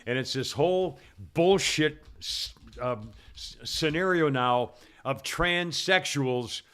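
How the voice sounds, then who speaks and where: Bright-voiced opinionated male talk host. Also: fairly high pitch, slow pace, smooth. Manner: blunt, opinionated, laughs often. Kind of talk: casual talk show banter.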